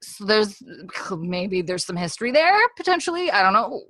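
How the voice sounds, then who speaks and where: A woman co-hosting a podcast, recapping a TV episode in casual chat and acting out the characters' lines in quick put-on voices. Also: medium pitch, very animated, sharp tone, no room sound. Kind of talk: casual chat, animated retelling.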